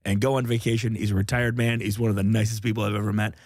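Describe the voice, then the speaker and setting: A man's voice: lowish voice, little pitch movement, racing, darkish tone, no echo, clean studio sound. A young man hosting a casual comedy podcast, joking around and laughing often. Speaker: podcast host.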